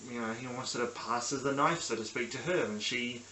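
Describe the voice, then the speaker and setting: A man's voice: medium pitch, brisk, pushed and bright. Chatty New Zealand man in an echoey room. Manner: rambling, enthusiastic, many ums and restarts. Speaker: podcast host. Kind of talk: casual solo review vlog. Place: small sunny room at home. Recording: echoey room with faint background hiss.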